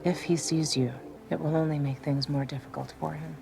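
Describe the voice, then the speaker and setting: An actress playing a calm, wise female warrior-mentor who speaks in a measured, gentle way over show music. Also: low voice, creaky. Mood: serene. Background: score music from the show.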